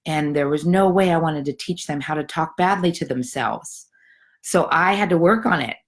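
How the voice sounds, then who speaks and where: Woman, very low voice, middle-aged, chatty, encouraging, rambling, casual live video from home. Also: moderate pace. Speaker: challenge host.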